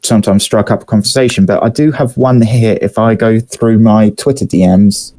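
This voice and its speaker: A young British man hosting a podcast, telling a story in a rambling, hesitant way with many fillers and pauses. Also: fairly low pitch, fairly even intonation, dark tone. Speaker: podcast host. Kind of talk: casual storytelling chat.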